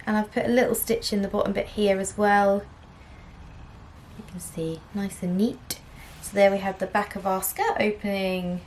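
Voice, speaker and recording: A young woman chatting gently to the camera about her sewing, full of fillers and soft laughs. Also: mid-range voice, steady tone, normal speed, slight background noise. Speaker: sewing vlogger. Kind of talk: casual chat to camera. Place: small room at home.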